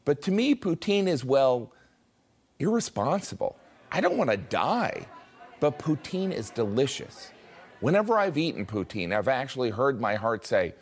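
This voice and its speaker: An American man giving scripted comic commentary, wry and deadpan, with mock-voiced asides. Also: medium pitch, moderate pace, husky. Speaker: comedy commentator.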